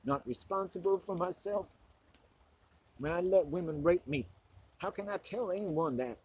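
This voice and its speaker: A man's voice: sits high, moderate pace, a little mellow, husky, poor audio. A man alone in the woods, rambling through a comedic, self-mocking monologue. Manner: rambling, self-mocking, laughing between thoughts. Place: outdoors in a forest.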